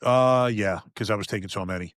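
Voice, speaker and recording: Frank, low-voiced retired cop in his fifties. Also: dry recording, clean studio sound. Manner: frank and profane, with halting restarts. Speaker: podcast guest, retired police officer. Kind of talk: candid personal storytelling.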